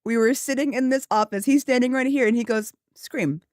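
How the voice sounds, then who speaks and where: A woman streamer chatting casually from her home office into a studio mic, a little tired and mellow, often breaking into laughter. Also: sits high, steady tone, fast, no echo. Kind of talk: casual chat on a gaming stream. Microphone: new studio microphone.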